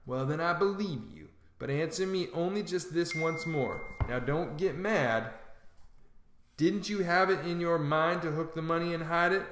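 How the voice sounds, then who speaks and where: A man's voice: on the high side, moderate pace, reverberant, noisy background, lightly acted. Blustering old con man king, as a man puts him on. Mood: wheedling. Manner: whiny, blustering, sarcastic.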